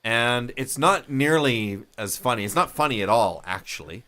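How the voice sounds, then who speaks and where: A man's voice: mid-range voice, lively intonation, moderate pace, sharp tone. A man performing an improvised comedy scene as a polite, hesitant caller.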